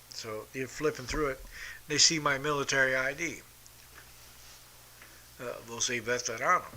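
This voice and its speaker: Blunt man, very bright voice. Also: mid-range voice, a little hiss or hum. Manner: blunt, profane, combative. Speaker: podcast host. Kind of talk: casual storytelling monologue.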